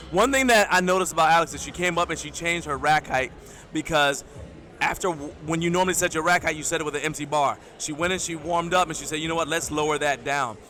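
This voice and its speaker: A man commentating live at a powerlifting competition, relaxed and explanatory, giving play-by-play and lifting tips. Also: a little high. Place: hotel event hall at a powerlifting meet.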